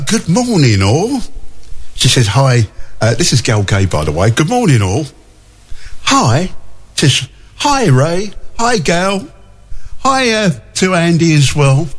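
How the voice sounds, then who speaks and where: A male radio host chatting and reading out listener messages in a jokey way, laughing often. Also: mid-range voice.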